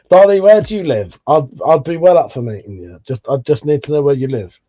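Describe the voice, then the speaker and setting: A man's voice: on the high side, lively intonation, moderate pace, few pauses, mellow, highs cut off. A man hosting a livestream, reading viewer messages aloud and bantering with lots of swearing and jokes. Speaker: livestream host. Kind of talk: casual live chat reading viewer messages.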